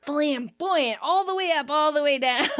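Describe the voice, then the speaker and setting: A woman's voice: high voice, slow, fairly bright tone. A woman co-hosting a podcast, recapping a sitcom episode in casual chat and laughing often between remarks. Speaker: podcast co-host.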